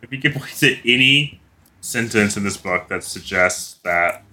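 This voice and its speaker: A man's voice: lowish voice, lively intonation, a little slow, bright, forceful tone. A man co-hosting a podcast, chatting casually about a book, laughing easily and reluctant to read aloud. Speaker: podcast co-host. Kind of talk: casual book-club chat.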